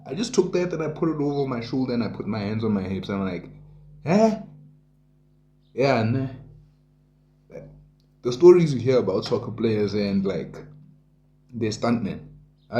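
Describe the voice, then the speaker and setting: A man's voice: mid-range voice, big pitch swings, a little fast, dark tone, echoey room, slight background noise. A young South African man casually telling a personal story, full of township slang and voiced asides. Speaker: podcast host.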